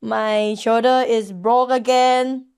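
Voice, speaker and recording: A woman with a Thai accent, a fighter speaking halting non-native English as a podcast guest. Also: fairly high pitch, level tone, a little mellow, clean tone.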